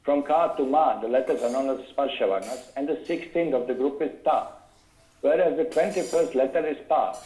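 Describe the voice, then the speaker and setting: A man giving a scripture lecture, carefully explaining verses word by word and pausing to look up references. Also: mid-range voice, mellow, roomy sound, low-quality recording.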